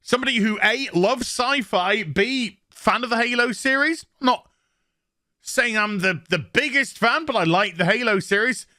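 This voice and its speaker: A man's voice: very high voice, animated, unhurried, bright, forceful tone, dry recording, clean studio sound. A man delivering an angry, sarcastic, sweary review rant to his channel. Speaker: YouTube reviewer. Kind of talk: ranting review vlog.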